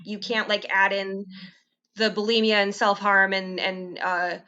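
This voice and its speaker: A woman co-hosts a casual podcast chat in a bright voice. She talks wryly and pushes back quickly. The sound is a little dull and muffled. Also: mid-range voice, level tone. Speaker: podcast co-host.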